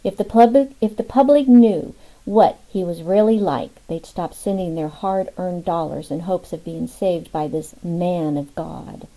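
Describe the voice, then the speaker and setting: Mellow woman reading an audiobook. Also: lowish voice, normal speed, few pauses, poor audio. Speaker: audiobook narrator. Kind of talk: scripted narration.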